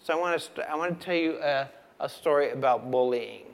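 A man preaching a sermon, asking the listeners questions and swinging from loud emphasis to hushed, quiet lines. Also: a little high, a little fast, creaky. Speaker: pastor.

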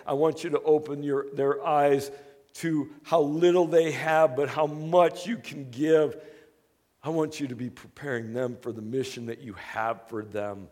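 A man preaching with a fairly high voice, telling the story earnestly. He drops to near-hushed tones and then rises to loud, eager bursts. A long reverb trails his words as if he is in a large hall. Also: steady tone, unhurried. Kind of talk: sermon.

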